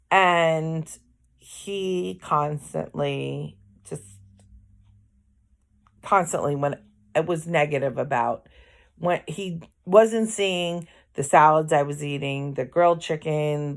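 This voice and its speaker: A middle-aged woman speaking slowly in a low voice with plenty of gravelly fry at the ends of her phrases. She talks candidly and conversationally, straight to her viewers, and slips into other people's voices when she quotes them. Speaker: host. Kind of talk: casual personal monologue.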